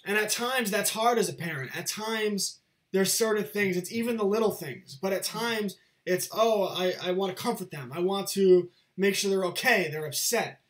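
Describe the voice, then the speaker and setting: An earnest young man delivers a lecturing monologue as host of his own show. His voice sits high for a man, and he keeps circling back to repeat his points. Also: normal speed. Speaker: channel host. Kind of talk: casual monologue to camera.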